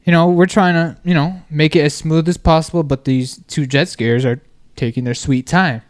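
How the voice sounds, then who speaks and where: A man telling a story on a podcast in casual chat, animated and constantly checking in with the listener. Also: fairly high pitch, normal speed. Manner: animated storytelling, constant "you know what I mean".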